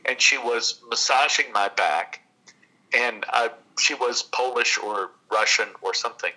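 Man from Texas, guest storyteller, very bright sharp voice, unhurried and reflective. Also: medium pitch, low-quality recording. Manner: unhurried, reflective, with long pauses.

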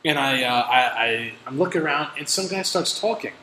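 A man hosting a casual podcast, telling stories in animated, profane rants with an exasperated edge. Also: fairly high pitch, a little fast. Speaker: podcast host. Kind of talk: casual chat, storytelling. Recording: echoey room with faint noise.

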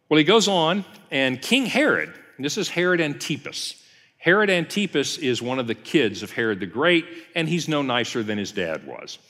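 Animated male pastor in a reverberant hall. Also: medium pitch. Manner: conversational storytelling, acts out quoted lines. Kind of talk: teaching sermon, Bible study session.

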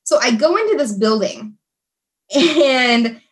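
A woman appearing as a guest tells a casual story in a lively, chatty way, using lots of fillers. Her voice sits slightly higher than most, and she takes her time.

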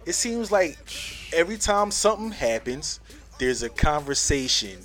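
A man's voice: on the high side, big pitch swings, normal speed, fairly bright tone. A man co-hosting a podcast in casual chat, earnest and searching, swearing freely. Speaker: podcast co-host.

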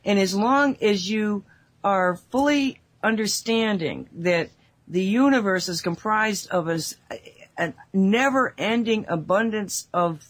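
Rambling, animated talk show woman. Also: mid-range voice. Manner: rambling, animated storytelling with frequent asides. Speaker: radio show co-host. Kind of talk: casual spiritual talk show discussion.

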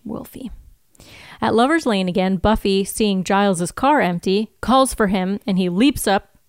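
A woman's voice: medium pitch, measured pace, clear, resonant tone, no room sound, studio quality. A woman co-hosting a podcast, reading a scene recap in casual chat and laughing often. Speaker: podcast co-host recapping episodes.

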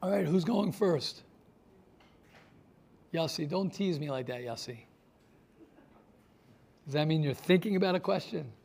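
A man with a notably high voice leads a yeshiva class. He talks animatedly, throwing out rhetorical questions and everyday stories to his students. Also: unhurried, creaky, pauses often, a little mellow, a little hiss or hum. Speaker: yeshiva teacher. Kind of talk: lively classroom talk.

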